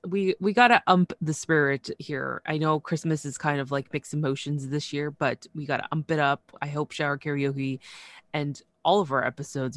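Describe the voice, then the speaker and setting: A woman's voice: extremely low pitch, dry recording. Bubbly lady cohosting a podcast, chatty, giggly, super dry mic. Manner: bubbly, laughs often, fillers like "you know". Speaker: podcast co-host. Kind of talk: casual podcast chat.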